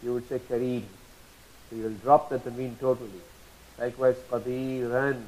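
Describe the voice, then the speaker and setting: Patient man teaching, soft hiss. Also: medium pitch, level tone, low-quality recording. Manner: patient, repeats terms slowly, asks checking questions. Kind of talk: explanatory lesson.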